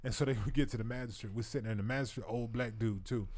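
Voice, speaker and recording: A man telling a story in casual chat on a talk show, animated and often laughing as he acts out other people's lines. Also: mid-range voice, rapid-fire.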